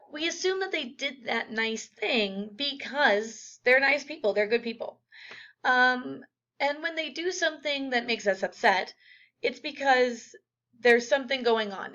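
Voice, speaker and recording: A woman's voice: high-pitched, fairly bright tone. A woman teacher giving a casual recorded lecture, with lots of fillers. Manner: casual, chatty, many fillers. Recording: dull lo-fi audio.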